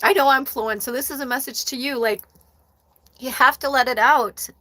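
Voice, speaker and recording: A woman's voice: sits high, moderate pace, bright, forceful tone, dry recording. A woman hosting a live stream as a psychic medium, talking candidly and emotionally and swearing often. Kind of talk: casual emotional livestream talk.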